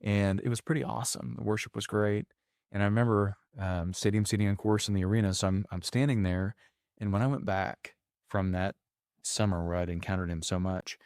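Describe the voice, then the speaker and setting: A man's voice: fairly low pitch, a little mellow, no echo, studio quality. A man telling a long personal story in casual chat, with many restarts and fillers. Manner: rambling, frequent restarts and fillers.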